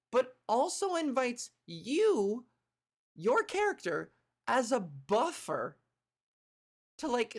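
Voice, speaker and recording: Exasperated woman in her thirties ranting. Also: on the high side. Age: 30s. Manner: animated, exasperated, profane. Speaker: comedian podcast host. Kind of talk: comedic podcast rant.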